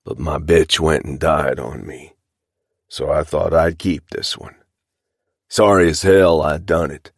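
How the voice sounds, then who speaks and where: A sullen, cruel middle-aged rustler as a man reading an audiobook puts him on, talking in a rough frontier drawl with a very low, heavy voice. He sounds close and dry, with no room around him. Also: steady tone, unhurried, no echo, full character voice. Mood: bitter.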